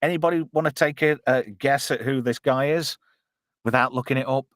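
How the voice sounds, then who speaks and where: A man's voice: medium pitch, brisk, fairly bright tone, no echo, clean studio sound. A man hosting a casual, jokey live-stream commentary on a film. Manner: chatty, jokey, puts on silly voices. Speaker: podcast co-host.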